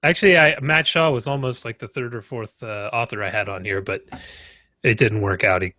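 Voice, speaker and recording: A man's voice: medium pitch, a little fast, pushed and bright, a little hiss or hum. An American man hosting a podcast, laid-back and casual, swearing and laughing along with his guest. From United States. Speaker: podcast host.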